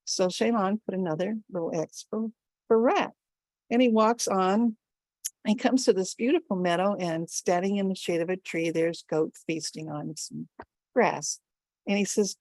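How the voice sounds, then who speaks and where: A woman's voice: unhurried, a little mellow, no room sound. Woman telling a folktale, dry sound. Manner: voices animal characters with pitch jumps. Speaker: storyteller. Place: online storytelling gathering. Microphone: video call.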